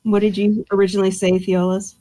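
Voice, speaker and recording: A woman's voice: mid-range voice, level tone, quick pace, mellow, poor audio. A woman describing her character as a player in a tabletop game, meandering and self-correcting, over an online voice call.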